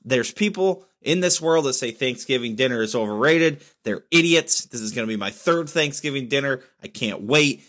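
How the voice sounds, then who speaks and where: A man's voice: mid-range voice, lively intonation, moderate pace, hardly any pauses, fairly bright tone. A man hosting his own podcast, rambling through sports and the news in a blunt, opinionated way. His voice sits in an ordinary middle register, and he works himself up into mock outrage before settling back down. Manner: blunt, opinionated, gets fired up. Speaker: podcast host. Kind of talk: casual solo podcast rant.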